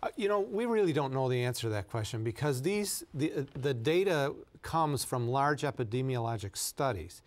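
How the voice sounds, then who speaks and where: Male doctor guest, measured, halting explanations, mid pitch. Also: expressive. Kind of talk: answering questions on a talk show.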